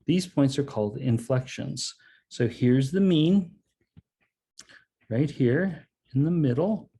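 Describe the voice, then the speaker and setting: A math instructor gives an online lecture, walking through the problem step by step in a relaxed way with frequent "okay"s and "um"s. His mid-range voice is warm and husky, slow and expressive.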